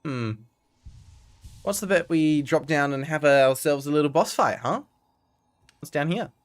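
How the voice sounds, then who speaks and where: A man's voice: a little high, unhurried. A young man streaming a game, chatting to viewers with wry asides and the odd swear. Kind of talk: casual live-stream gameplay commentary.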